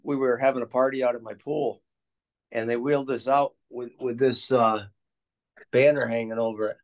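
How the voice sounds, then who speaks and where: With a mid-range voice, a steady tone and normal speed, this man in his sixties looks back on his years as a motorcycle stunt rider. He's a folksy storyteller, chuckling at his own yarns.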